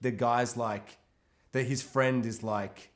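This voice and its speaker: A man's voice: mid-range voice, steady tone, slow. A man co-hosting a film podcast, talking casually and animatedly, swearing and acting out characters. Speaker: podcast co-host.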